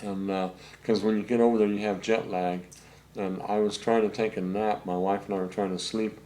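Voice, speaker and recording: An older man, a session saxophonist, telling rambling anecdotes in a relaxed interview, full of fillers. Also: on the low side, brisk. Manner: rambling anecdotes with many fillers, acts out quotes.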